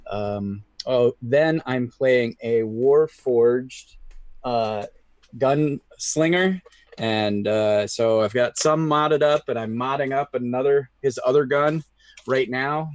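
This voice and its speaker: A man's voice: mid-range voice, dry recording. A man who plays tabletop games, chatting casually and rambling with lots of fillers and restarts. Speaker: tabletop game player. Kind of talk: casual chat.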